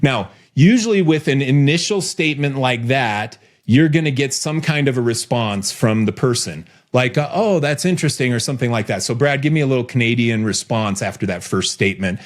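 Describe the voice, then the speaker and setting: A man hosts a relaxed podcast conversation with a middle-pitched voice. He talks in a playful, animated way and laughs easily as he explains his ideas. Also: a little fast, hardly any pauses. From United States. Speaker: podcast host. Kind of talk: casual chat.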